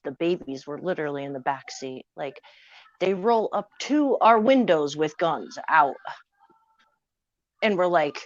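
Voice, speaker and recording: A woman's voice: lowish voice, no room sound. Woman in casual chat, blunt, emphatic, swears a lot, dry close sound, muffled. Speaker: podcast co-host.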